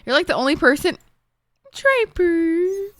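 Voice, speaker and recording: A woman's voice: fairly high pitch, lively intonation, normal speed, fairly bright tone, no room sound. A young woman streamer chatting casually with her viewers, emotional and swearing freely. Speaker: live streamer.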